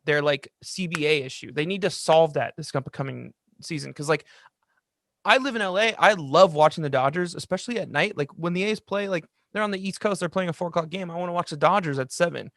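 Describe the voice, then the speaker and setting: A young man co-hosting a podcast, talking in an excited, rambling way and telling stories. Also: fairly high pitch, fairly quick, no echo, clean studio sound. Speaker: podcast co-host. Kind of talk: casual chat. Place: lives in Los Angeles.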